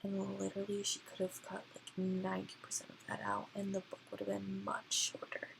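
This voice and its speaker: A woman's voice: medium pitch, completely flat delivery, fairly quick, gravelly, a little hiss or hum, low-quality recording. A woman ranting casually in a book review, rambling with many fillers and often dropping to a near-whisper. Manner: rambling, filler-heavy, often drops to a hush.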